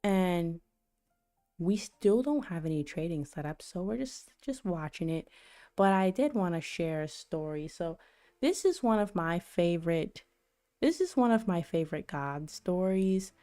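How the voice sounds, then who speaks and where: A woman's voice: lowish voice, lively intonation, measured pace, mellow, faint music behind. A woman hosting a stream and sharing a casual faith reflection. She rambles conversationally, full of "you know" and "like", and laughs at her own stories. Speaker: channel host.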